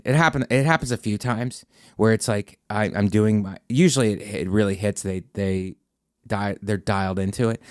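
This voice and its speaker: A man's voice: lowish voice, smooth, no room sound, studio quality. A man hosting a podcast, a stand-up comedian who talks in a rambling, self-interrupting, sarcastic way. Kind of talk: casual podcast chat.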